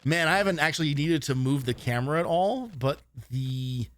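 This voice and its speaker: Lively, high-voiced male game streamer. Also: moderate pace, faint music behind. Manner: rambling, swearing, laughs often. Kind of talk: casual gameplay commentary.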